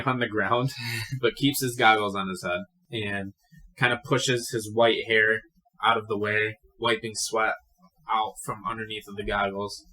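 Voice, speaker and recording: Casual bright-voiced young male game master. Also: lowish voice, poor audio. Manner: casual, profane, with fillers. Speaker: dungeon master. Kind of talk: narrating a tabletop game.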